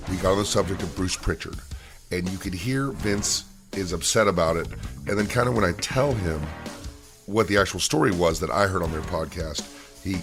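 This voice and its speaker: A man's voice: deep voice, vocal fry. A man co-hosting a podcast, reading out show plugs and asking the questions in an upbeat way. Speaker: podcast co-host. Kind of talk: casual podcast talk, show promos.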